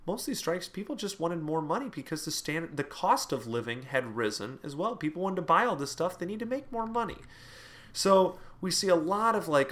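A man's voice: fairly high pitch, lively intonation, fairly quick, a bit bright. A man teaching a history lesson in a conversational way, with fillers and playful asides. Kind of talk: classroom history lecture.

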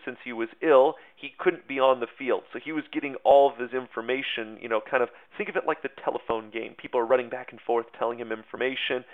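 Man teaching history, chatty and loose with lots of fillers, middle pitch, tinny narrow audio. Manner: loose and conversational, many fillers and hedges. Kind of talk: casual history lesson. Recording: tinny phone-like sound.

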